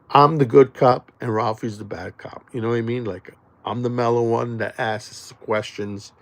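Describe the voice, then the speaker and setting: A man with a gravelly, fry-edged voice pitches his podcast in a rowdy, jokey monologue. He jumps from near-shouts down to low asides, and his pitch sits in an ordinary middle range. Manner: loud, jokey, swings between shouting and muttering. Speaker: podcast host. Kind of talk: hyped podcast promo monologue.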